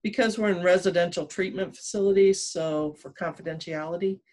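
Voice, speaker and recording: A woman with a notably low voice joins a video call as a guest trainer. She pauses often, searching for her words and filling the gaps with ums. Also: darkish tone. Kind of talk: casual video-call interview.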